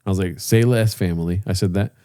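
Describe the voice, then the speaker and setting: A man's voice: low voice, fast talker, dark tone, clean tone. Casual man telling golf stories. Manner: loose, profane, acts out voices in his stories. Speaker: podcast co-host. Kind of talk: casual storytelling chat.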